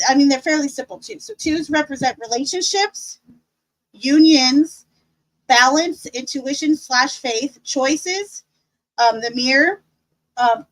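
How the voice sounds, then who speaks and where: Woman, high voice, tarot teacher, casual live-stream class, upbeat, encouraging, chatty. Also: rough recording.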